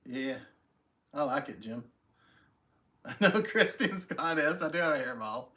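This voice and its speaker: A man's voice: on the high side, lively intonation, a little slow, bright, forceful tone. Friendly man hosting a casual live stream. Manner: friendly, greets viewers by name, self-deprecating. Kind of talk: casual chat reading viewer comments.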